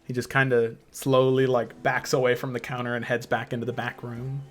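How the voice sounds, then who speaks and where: A man's voice: medium pitch, little pitch movement. Man narrating as game master. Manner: descriptive, unhurried, many fillers.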